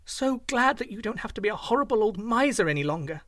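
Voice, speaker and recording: A man voicing a young slave girl in a storybook tale, speaking in a high, excitable way. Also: fast talker, no echo, clean studio sound. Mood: glad.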